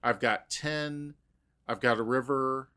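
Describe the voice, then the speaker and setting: A man hosting a podcast in casual chat, easygoing and quick to laugh. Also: mid-range voice, bright, forceful tone, clear, resonant tone. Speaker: podcast host.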